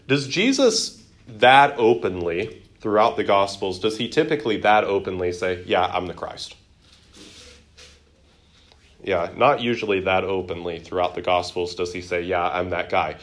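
A man's voice: lowish voice, moderate pace, roomy sound, poor audio. A man teaching a Bible lesson to a class, asking questions and acting out the quotes. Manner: lively, quizzing students and acting out quotes.

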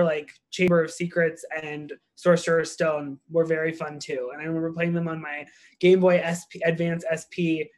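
Nostalgic man with a fairly high voice. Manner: nostalgic, filler-heavy. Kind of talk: casual chat.

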